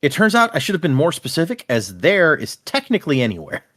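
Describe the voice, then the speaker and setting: A man's voice: a little high, huge pitch swings, fast talker, fairly bright tone, voice pushed up, full character voice. A man voicing an ancient, endlessly witty male jester who delivers barbed quips dryly. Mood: wry.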